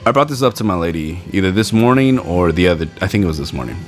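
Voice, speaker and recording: Low-voiced man chatting on his podcast. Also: fast, faint music behind. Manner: animated storytelling, acts out quoted people in raised voices. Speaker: podcast host. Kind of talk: casual solo podcast chat.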